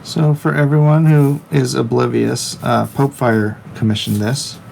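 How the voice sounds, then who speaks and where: A man's voice: medium pitch, fairly even intonation, measured pace, vocal fry, darkish tone, a little hiss or hum. A middle-aged man, a comic artist, chatting casually on a livestream while he draws. He rambles and jokes, reading viewer comments aloud as he goes. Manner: rambling, jokey, reads viewer chat aloud. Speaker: comic artist streaming his work.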